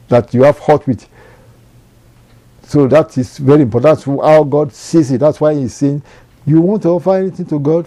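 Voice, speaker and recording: A man's voice: a little high, vocal fry, dark tone. A man preaching a sermon, earnest and repetitive, often quoting scripture.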